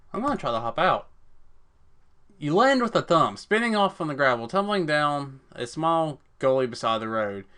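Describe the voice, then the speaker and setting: A man with a bright, crisp voice reads a text-based game aloud for a let's play. He moves between dramatic narration and casual, foul-mouthed asides to the audience. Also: medium pitch. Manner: reads narration in a dramatic voice, swears and cracks jokes between passages.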